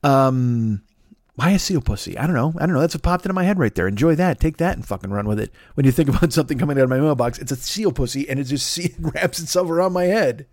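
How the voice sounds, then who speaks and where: A man's voice: on the high side, expressive, quick pace, darkish tone, no echo, clean studio sound. A man in his fifties hosting a solo podcast from his desk at home, rambling and swearing through a late-night rant with many restarts. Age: 50s. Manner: rambling, profane, self-mocking, with many restarts and fillers. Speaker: podcast host. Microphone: plugged-in podcast microphone.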